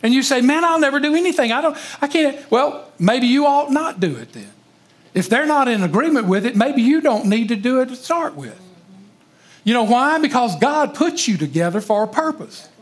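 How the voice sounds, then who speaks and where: A high-pitched man preaches to a congregation in a church. He is emphatic and energetic, speaks straight to his listeners and stumbles over repeated words when fired up. His tone stays plain and conversational between the bursts of emphasis. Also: normal speed. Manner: emphatic, engages congregation directly. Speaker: pastor. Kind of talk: sermon.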